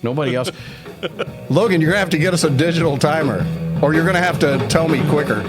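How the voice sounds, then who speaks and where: A man's voice: on the high side, fast, over loud music. A man hosting a ministry show, going through a Bible passage in casual chat, joking and laughing often.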